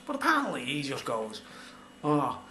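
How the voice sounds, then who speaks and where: Brief: middle-aged man, slightly high voice, rambling storyteller, echoey room with faint hiss. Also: lively intonation, moderate pace, a bit bright. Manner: rambling, filler-heavy, conversational. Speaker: vlogger. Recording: roomy echo, faint background noise.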